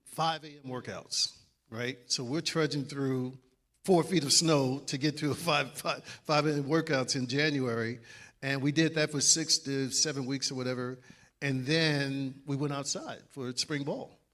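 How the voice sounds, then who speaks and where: A man, a former player, telling an animated story and acting out quotes loudly. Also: mid-range voice, a little slow. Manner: acts out quotes loudly, laughs while telling. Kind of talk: animated anecdote.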